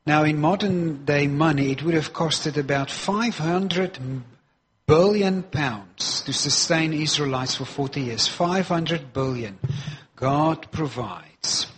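Slow, emphatic male preacher. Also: fairly high pitch, a little hiss or hum. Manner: emphatic, repeats key phrases for weight. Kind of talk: sermon.

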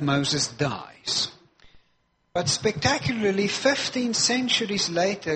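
Male preacher, sermon delivery, unhurried and emphatic, voice sits a little high. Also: fairly bright tone, slight background noise. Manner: emphatic, repeats key phrases for weight.

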